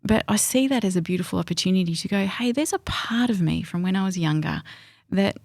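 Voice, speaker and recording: A woman's voice: mid-range voice, brisk, creaky, no room sound, studio quality. A middle-aged woman, a parenting expert retelling conversations as a reflective storyteller on a podcast. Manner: warm, reflective storyteller who acts out remembered dialogue.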